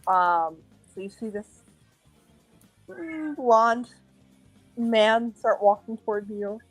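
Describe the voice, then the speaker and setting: A woman narrating a tabletop game as game master, speaking in a relaxed, unhurried way with many fillers. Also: a little high, low-quality recording. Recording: faint background music.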